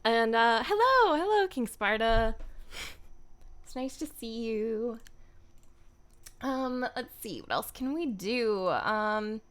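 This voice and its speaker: A woman's voice: fairly high pitch, expressive, slow, pauses often, fairly bright tone. A woman streamer in casual live-stream chat who is giggly and rambling, with lots of ums. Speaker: streamer and voice actor.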